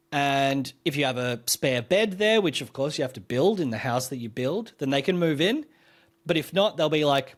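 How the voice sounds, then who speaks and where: Chatty man with a slightly high voice. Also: animated, normal speed. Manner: rambling, filler-heavy, enthusiastic explaining. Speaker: podcast co-host. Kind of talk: casual podcast chat reviewing a game.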